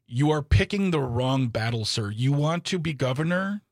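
A man's voice: a little high, expressive, moderate pace, no echo, clean studio sound. A man from Wisconsin co-hosting a political talk show, opinionated and sarcastic, with exasperated outbursts.

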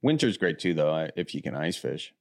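A man from the American Midwest answering rapid questions in an easygoing, rambling way. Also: a bass voice, very animated, vocal fry. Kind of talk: casual chat.

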